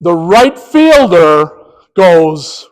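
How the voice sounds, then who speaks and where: A man training sports officials, telling a story in an animated way and acting out the scenes. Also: high voice, extremely slow, low-quality recording. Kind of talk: storytelling presentation.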